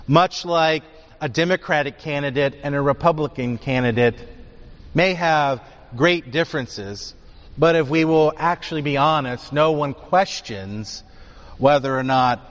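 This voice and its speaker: A man delivers a sermon in an emphatic teaching manner, often turning to his listeners with rhetorical questions. His voice sits a little high. The recording is muffled and carries a long reverb, as if captured in a large hall. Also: fairly bright tone. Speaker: preacher.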